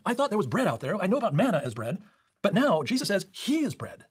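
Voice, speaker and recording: Animated husky male Bible teacher. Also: high voice, fast talker. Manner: explains step by step with rhetorical questions. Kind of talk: recorded Bible study lecture.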